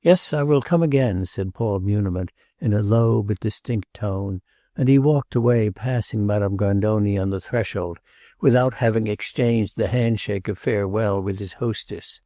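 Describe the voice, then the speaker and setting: A man narrating a classic novel in a measured, literary audiobook style. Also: on the low side, fairly even intonation, dark tone, no echo, studio quality.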